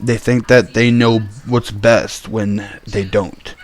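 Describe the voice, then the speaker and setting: A man's voice: fairly low pitch, slow, a little hiss or hum. Man ranting hotly, swearing freely. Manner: profane, angry, animated. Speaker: vlogger. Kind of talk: heated storytelling rant.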